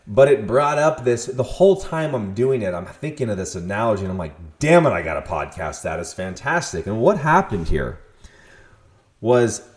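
A young man hosting a podcast, telling a story in a casual, profane monologue with sudden loud outbursts. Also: fairly low pitch, very animated, normal speed. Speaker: podcast host.

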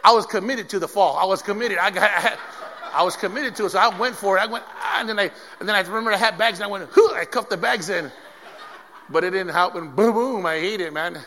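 A man preaching a sermon, telling a story with lively, laughing energy. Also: high-pitched, quick pace, in a large hall. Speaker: pastor.

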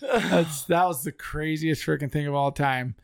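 A man's voice: on the high side, measured pace, creaky, dry recording, clean studio sound. A man co-hosting a podcast, telling a funny story in casual chat with friends and laughing as he goes. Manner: animated, laughs while telling stories. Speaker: podcast co-host.

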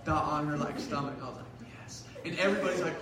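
Animated young man preaching in an echoey hall. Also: a little high, quick pace, very noisy. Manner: animated, comic storytelling with lots of "like". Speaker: youth pastor. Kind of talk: sermon with storytelling. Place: large hall. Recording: echoey hall, mic at a distance.

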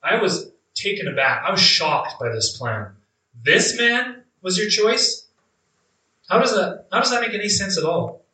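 A man's voice: sits high, expressive, pushed and bright. A man playing a devout early believer who is imprisoned, beaten and blinded, telling his story in an earnest, reflective dramatic monologue. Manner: earnest, reflective, with drawn-out emphatic phrases. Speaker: actor in a first-person monologue. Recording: echoey room, mic at a distance.

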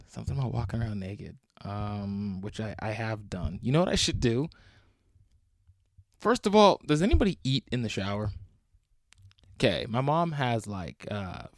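A man's voice: mid-range voice, no room sound, studio quality. A young man hosting a solo podcast, talking in a rambling, crude and jokey way. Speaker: podcast host. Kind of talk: solo casual chat.

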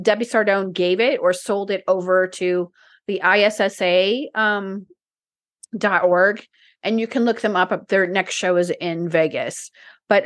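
A woman's voice: medium pitch, no room sound. A woman co-hosting a casual podcast, talking in a rambling, emotional way with many restarts, her voice teary and close to crying. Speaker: podcast co-host.

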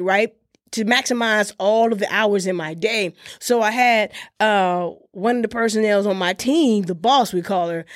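A woman's voice: mid-range voice, no echo. A woman hosting her own podcast in a home studio, talking casually and calling her listeners honey and y'all. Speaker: podcast host. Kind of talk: casual solo podcast talk. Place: garage turned into a home studio.

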